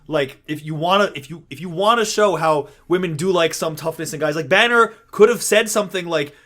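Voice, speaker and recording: A man's voice: fairly high pitch, brisk, a bit bright. A man co-hosting a casual podcast, rambling with many fillers and restarts. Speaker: podcast co-host. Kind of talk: casual comics discussion.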